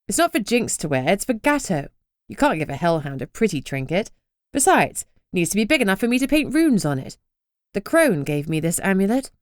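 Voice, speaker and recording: A woman voicing a brisk, no-nonsense young witch who speaks curtly, in an audiobook reading. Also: mid-range voice, big pitch swings, no echo, studio quality, lightly acted. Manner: curt and brisk.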